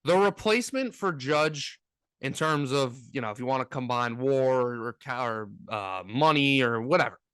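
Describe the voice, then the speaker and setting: A man's voice: medium pitch, lively intonation, moderate pace, fairly bright tone, clear, resonant tone, no echo. A man co-hosting a casual sports talk podcast, ranting with energy and mocking fans in put-on voices.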